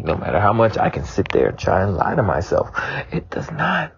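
A man's voice: fairly low pitch, wildly swooping pitch, brisk, vocal fry, breathy edge. A spiritualist man in a raw, emotional monologue, tearful and repeating himself, swearing as he vents. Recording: dull lo-fi recording.

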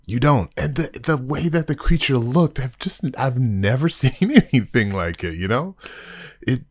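A man hosting a casual show, excitedly reviewing an episode with giddy rambling, restarts and sudden high exclamations. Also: a little slow, slightly rough, dry recording, clean studio sound. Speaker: podcast host reviewing an episode.

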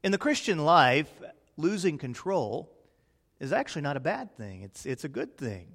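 A pastor preaching a sermon in a dramatic way, swinging from loud declarations to hushed, quiet lines. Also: male voice, on the high side, very animated, normal speed. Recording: long reverb in a large hall.

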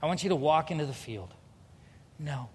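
A man's voice: a little high, expressive, fast talker, a little mellow, a little hiss or hum. A pastor giving a humorous, confessional sermon, acting out bits of dialogue as he tells a personal story. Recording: long hall reverb.

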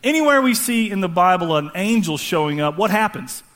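Animated high-voiced male preacher. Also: fairly quick. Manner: animated storytelling, acting out voices with slang. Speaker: pastor. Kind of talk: sermon.

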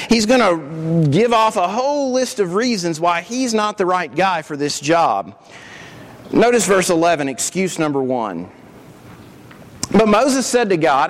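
A man preaching a sermon as pastor, earnest, often repeating words as he restarts a thought. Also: high-pitched.

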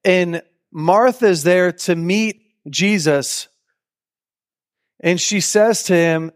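A man's voice: sits high, very slow, pauses often. A man giving a sermon to a live audience, telling stories and acting out the lines of the people in them, and often turning to his listeners with direct questions. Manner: animated storyteller who acts out quoted lines. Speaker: preacher.

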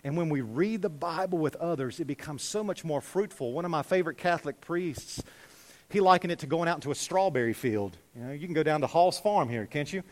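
Animated high-voiced male pastor preaching. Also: a little fast. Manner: animated, swings from loud exhortation to hushed. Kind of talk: sermon.

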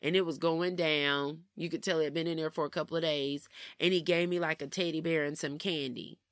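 A young adult woman telling a personal story in a casual, animated way, often calling her listeners "y'all". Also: low-pitched, brisk, dry recording, clean studio sound. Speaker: vlogger.

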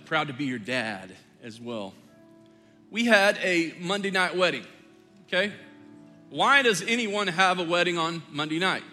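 A middle-aged man preaching a sermon as pastor, telling family stories in a relaxed, joking, conversational way. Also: a little high. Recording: long hall reverb.

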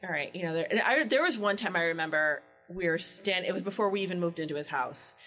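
A woman's voice: on the low side, quick pace, faint music behind. A woman in her forties chatting casually, telling a parenting story and acting out the quotes. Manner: animated storyteller, acts out quotes. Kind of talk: casual chat.

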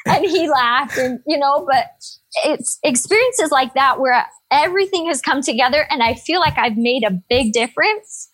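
High-voiced upbeat nurse, a woman. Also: normal speed. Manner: upbeat, energetic and expressive. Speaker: emergency room nurse. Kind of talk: casual storytelling in conversation.

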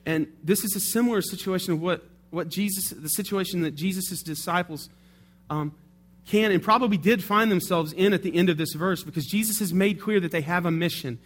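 A male pastor preaching in a relaxed, conversational way, often checking in with his listeners through tag questions. His voice sits a little higher than most men's. He talks through his points as if chatting with his congregation. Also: a little fast. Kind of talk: sermon.

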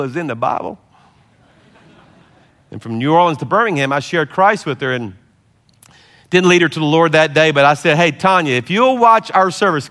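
A middle-aged man, a pastor, preaching a sermon with lively storytelling and laughter, easing into a soft, slow prayer. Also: fairly high pitch. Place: large church hall.

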